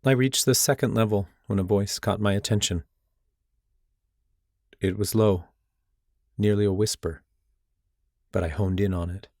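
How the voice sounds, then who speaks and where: A young man reads a first-person novel with a brooding, intense edge. His voice sits low, and the recording is dry and close with no room sound. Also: steady tone, a little slow, pauses often, darkish tone, no room sound. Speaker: audiobook narrator. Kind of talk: first-person audiobook narration.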